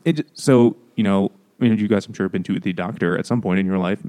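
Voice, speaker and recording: A man's voice: lowish voice, fast talker, warm tone. A young man co-hosting a casual podcast chat, rambling and swearing as he acts out little exchanges. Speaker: podcast co-host.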